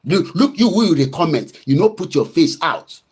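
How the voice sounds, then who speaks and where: A man's voice: a little high, expressive, normal speed, darkish tone, slightly rough. A middle-aged Nigerian man hosting his own online show, giving a heated, combative commentary. He scolds and repeats himself and greets viewers by name.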